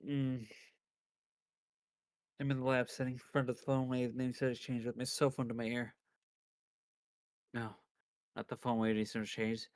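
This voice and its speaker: A man's voice: mid-range voice, little pitch movement, moderate pace, long pauses, no echo. A man streaming a visual novel, reading its first-person narration aloud dramatically. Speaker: game streamer.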